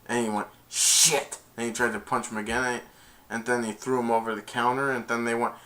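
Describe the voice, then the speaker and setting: A young man recapping a film scene by scene in a loose, rambling way. He links every event with "and then" and keeps going. His voice sits at an ordinary middle pitch. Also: flat delivery, fast talker, fairly bright tone. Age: young adult. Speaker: movie reviewer. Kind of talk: casual movie retelling.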